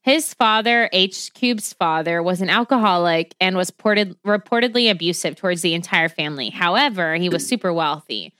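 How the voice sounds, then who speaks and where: A woman co-hosting a casual true crime podcast, telling the story with lots of swearing, laughter and quick tangents. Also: fairly low pitch, expressive, bright, forceful tone, dry recording, studio quality.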